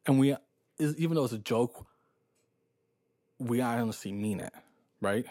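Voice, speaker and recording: A man hosting his own podcast, telling a story about his day in a casual, profane, animated way and acting out his own thoughts. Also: mid-range voice, a little slow, no room sound, clean studio sound. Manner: profane, animated retelling with quoted inner thoughts. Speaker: podcast host.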